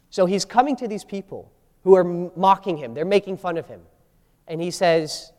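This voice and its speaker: A man's voice: sits high, lively intonation, brisk, darkish tone, long reverb tail. A man preaching a sermon, acting out scripture quotes with changing voice and emphasis. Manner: acts out biblical quotes with shifting voices and emphasis. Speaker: pastor.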